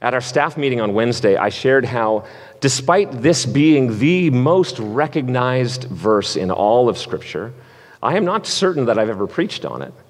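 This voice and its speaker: A man's voice: mid-range voice, sing-song, unhurried. A man preaching a sermon as pastor, switching between playful game-show hosting and reflective teaching. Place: church sanctuary. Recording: long hall reverb.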